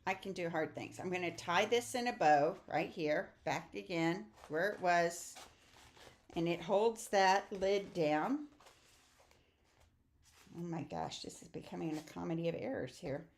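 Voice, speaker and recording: A woman's voice: on the low side, measured pace. Chatty woman teaching a papercraft class. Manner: chatty, upbeat, talks to viewers while crafting. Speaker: stamping and papercraft instructor. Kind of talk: casual craft tutorial.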